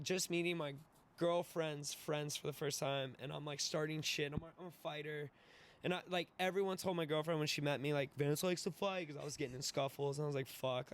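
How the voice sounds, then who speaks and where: A man telling a fight story in casual, profane, animated style, acting out the voices of the people in it. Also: on the high side. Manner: animated, profane, acts out voices in his stories. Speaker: podcast guest, mixed martial artist.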